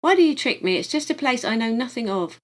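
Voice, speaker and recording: A woman reading the part of a newly dead man, a father who is gruff and doubting at first, in an audiobook. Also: medium pitch, moderate pace, lightly acted, poor audio. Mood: bitter.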